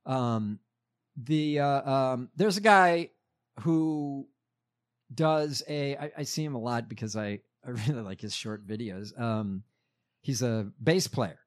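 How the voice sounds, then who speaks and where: A man's voice: medium pitch, slow. A man in casual conversation, talking animatedly, with rambling asides and frequent swearing. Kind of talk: casual chat.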